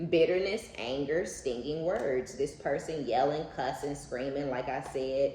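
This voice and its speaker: A woman with a low voice does a casual collective tarot reading, talking bluntly and swearing freely with a playful edge. Her voice sounds echoey, as if recorded in a bare room, with faint noise underneath. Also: moderate pace, mellow. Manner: blunt, profane, and playful, with frequent laughs. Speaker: tarot card reader.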